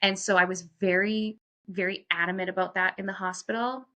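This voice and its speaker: A woman's voice: medium pitch, fairly even intonation, fairly quick, bright, forceful tone. A woman guest on a podcast, candidly telling a personal story in a chatty way, full of "like" fillers and quoting what she and others said. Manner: chatty, frequent "like" fillers, quotes herself.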